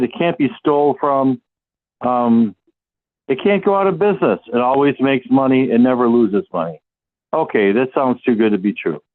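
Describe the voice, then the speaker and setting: A man with a Midwestern American accent hosting a podcast, talking earnestly and encouragingly with frequent fillers and restarts. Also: medium pitch. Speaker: podcast host. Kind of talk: casual solo podcast talk. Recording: tinny phone-like audio.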